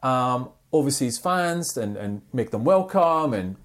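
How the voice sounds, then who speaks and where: A podcast co-host telling a rambling story in casual chat, with sound effects and quick restarts. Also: mid-range voice, expressive.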